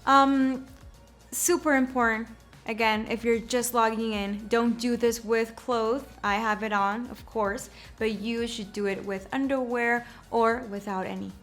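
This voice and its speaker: Slow-talking young woman giving a how-to. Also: on the high side, fairly even intonation, fairly bright tone, faint music behind. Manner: slow, repeats words and checks in with "okay?". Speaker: shapewear presenter. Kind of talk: casual how-to demonstration.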